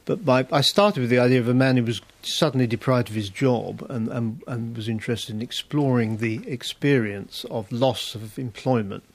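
A man from London, an author reading aloud and answering questions thoughtfully, with pauses and fillers. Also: mid-range voice, dry recording.

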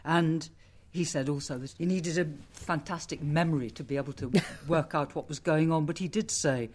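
A man hosting a book club broadcast, introducing questions with brisk, smooth links. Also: a little high. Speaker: radio host.

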